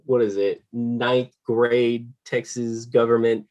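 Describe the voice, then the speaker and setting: Slow, self-deprecating man as podcast guest. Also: mid-range voice, flat delivery, darkish tone, no room sound, highs cut off. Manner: self-deprecating, hesitant, dry. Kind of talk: casual chat.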